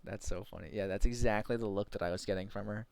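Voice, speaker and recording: A man streamer telling a story in casual chat, jumping into high, excited voices when he quotes people. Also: quick pace, gravelly, clear, resonant tone.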